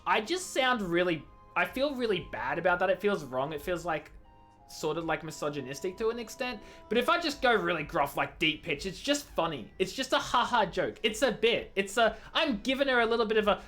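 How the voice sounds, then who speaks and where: A man chatting casually while he streams a game, rambling and poking fun at himself. His pitch jumps around lively and often. Soft game music plays underneath. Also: moderate pace. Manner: rambling, self-mocking, lots of "like". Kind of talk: casual gameplay chat.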